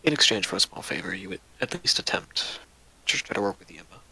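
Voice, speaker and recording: A man's voice: low voice, animated, brisk, creaky, sharp tone, husky, full character voice, rough recording. A man voicing a courtly, wary young prince in a tabletop role-play, speaking politely and hesitantly, with dry humor. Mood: formal.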